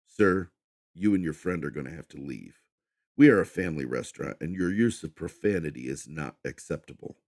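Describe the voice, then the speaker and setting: A man voicing a calm, firm restaurant manager. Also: extremely low pitch, brisk, no room sound, full character voice.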